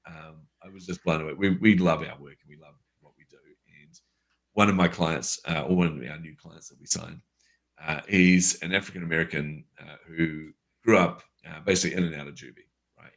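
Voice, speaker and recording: A middle-aged man with a very low voice speaks in an unscripted conversation. He tells stories earnestly, often restarting sentences and adding fillers along the way. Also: fairly bright tone. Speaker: podcast co-host.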